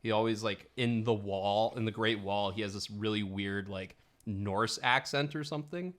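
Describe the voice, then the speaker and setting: A man's voice: fairly low pitch, normal speed, a bit bright. A man co-hosting a podcast, chatting animatedly about films, laughing often and filling his talk with "like". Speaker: podcast co-host. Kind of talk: casual film-discussion chat.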